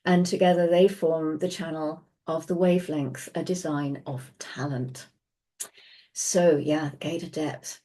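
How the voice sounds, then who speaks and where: A woman's voice: low-pitched, steady tone, measured pace, dark tone. A woman giving a casual solo talk as a Human Design teacher, chatty and reflective, often asking her listeners questions, recorded at home.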